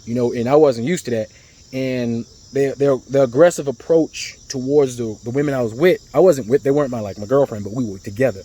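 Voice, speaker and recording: A man, talking in a rambling, casual storytelling monologue, repeating words and getting animated as he tells his stories. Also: mid-range voice. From United States. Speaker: vlogger.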